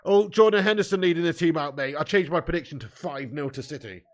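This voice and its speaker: Fired-up English football fan host. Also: male voice, a little high, fast talker. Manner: banters with live chat, swears and laughs, bursts loud. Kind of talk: live match watch-along chat.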